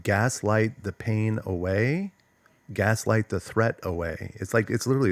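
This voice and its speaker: Emphatic deep-voiced man, dry close sound. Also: no echo. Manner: emphatic, conversational, frequent "like" and "right?". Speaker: host, trauma coach. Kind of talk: solo talk to camera.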